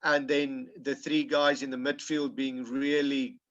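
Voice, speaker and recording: A man with a South African accent, a rugby coach breaking down match footage in a webinar, talking haltingly with restarts. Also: medium pitch, flat delivery, a bit bright, muffled recording. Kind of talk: webinar analysis.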